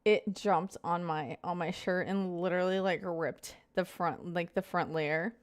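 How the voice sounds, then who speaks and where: A woman's voice: lowish voice, steady tone, measured pace. A young woman in her twenties chatting casually on a live stream, greeting viewers by name and rambling through stories.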